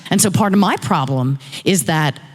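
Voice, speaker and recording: A woman in the audience animatedly telling a personal story, quick and lively, jumping high when she quotes herself. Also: in a large hall. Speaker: audience member sharing a story.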